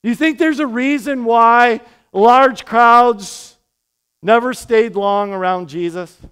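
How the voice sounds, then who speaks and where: A man preaching with a high, smooth, resonant voice. He talks to the congregation in an energetic, conversational way and drops in quick asides. The sound of a live church sermon. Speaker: pastor. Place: church sanctuary.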